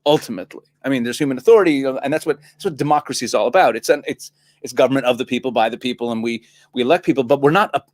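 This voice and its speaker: A man, a rabbi, talking as a guest on a studio talk show, animated and laughing often, restarting and repeating words as he explains. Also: mid-range voice, very fast. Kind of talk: casual talk-show conversation.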